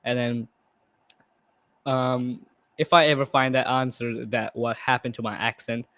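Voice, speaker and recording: A young man from India with a neutral, slightly British-sounding accent, hosting a podcast in a halting, filler-heavy way. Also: mid-range voice, little pitch movement, fairly bright tone, no echo. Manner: hesitant, many fillers and restarts. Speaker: podcast host. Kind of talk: casual chat.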